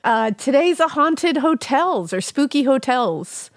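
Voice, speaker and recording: A woman's voice: high voice, lively intonation, slow pace, no room sound, studio quality. A woman co-hosting a podcast, chatting casually with laughs and frequent "you know" fillers. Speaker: podcast co-host. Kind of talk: casual chat.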